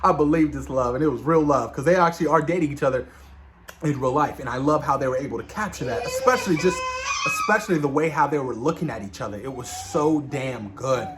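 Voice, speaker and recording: Male movie reviewer, average pitch, energetic, retells scenes with quick character impressions. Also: slight background noise. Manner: swears casually. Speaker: movie discussion host. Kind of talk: casual spoiler review.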